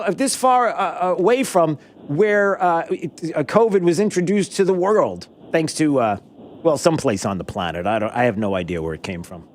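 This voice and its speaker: A man hosts a talk radio show, taking callers at a normal speed with slight background noise. His remarks are sarcastic and mock-exasperated, and his pitch jumps up for emphasis.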